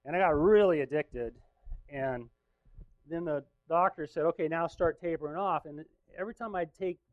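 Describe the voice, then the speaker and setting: A man's voice: fairly high pitch, normal speed, dry recording, narrow, tinny audio. A middle-aged man preaching a sermon as a personal testimony, in a conversational, self-deprecating way, laughing now and then at his own stories.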